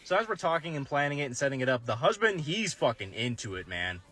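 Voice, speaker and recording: A man in his thirties casually telling a personal story to camera in a laid-back drawl, slowing down for emphasis. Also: medium pitch, big pitch swings, background noise. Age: 30s. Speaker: storyteller in a social media clip.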